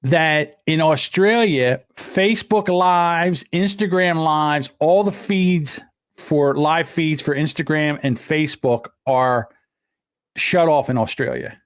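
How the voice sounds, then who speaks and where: An older man co-hosting a podcast, chatting casually in an animated, mocking way and mimicking people he watches. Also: fairly high pitch, takes it slowly, clean tone, dry recording, clean studio sound. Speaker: podcast co-host. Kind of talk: casual chat.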